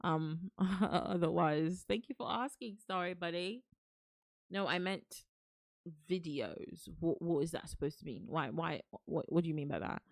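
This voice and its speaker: Woman streamer, low voice, dry close sound; chatty and affectionate with chat. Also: measured pace, creaky, dry recording. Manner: chatty, affectionate, calls viewers darling. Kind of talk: casual live-stream chat.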